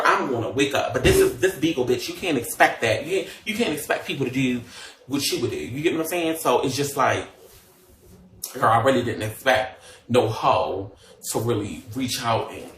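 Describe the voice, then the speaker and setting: Sassy gossiping man, bright and roomy. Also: mid-range voice, far from the mic, slight background noise. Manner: sassy, gossipy, many fillers. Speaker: livestreamer. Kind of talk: casual livestream chat.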